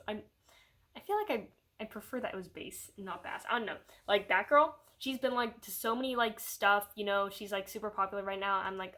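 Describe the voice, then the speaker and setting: A woman's voice: medium pitch, a little fast. Young woman vlogger, chatty reviewer, lots of "like"s, mid-range voice, jumps into quoted voices. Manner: rambling, animated, heavy use of "like"; puts on voices when quoting characters. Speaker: video reviewer. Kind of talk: casual spoken movie review.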